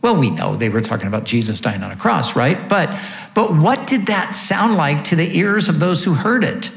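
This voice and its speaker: A man's voice: fairly high pitch, sing-song, normal speed, creaky, a bit bright. Emphatic male preacher in an echoey room. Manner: emphatic teaching with rhetorical questions. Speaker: pastor. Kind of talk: sermon.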